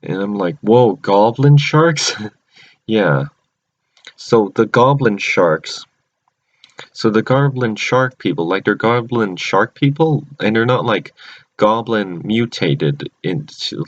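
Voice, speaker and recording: A man casually recapping a cartoon episode at home, rambling with many restarts and self-corrections. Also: fairly low pitch. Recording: dull lo-fi recording.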